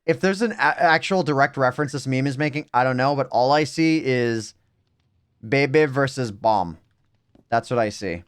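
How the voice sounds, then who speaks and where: A man's voice: mid-range voice, normal speed, clear, resonant tone. A young adult man streaming a game live, thinking aloud in a rambling way with self-mocking asides.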